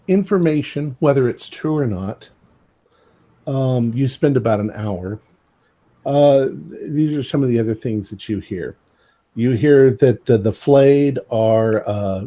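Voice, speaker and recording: A man narrating as game master, pausing often with filler sounds. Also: fairly low pitch, mellow, breathy edge. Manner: rambling, many filler sounds.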